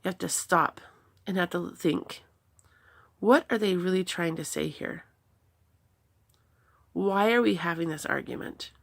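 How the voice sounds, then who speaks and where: A middle-aged woman speaking earnestly about parenting, reflecting on arguments with her son and demonstrating gentle replies. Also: on the low side, vocal fry. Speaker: parenting talk host. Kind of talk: personal advice talk.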